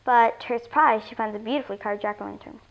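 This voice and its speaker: Expressive woman reading a kids' story. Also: on the high side, quick pace, vocal fry, muffled recording. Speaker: story reader.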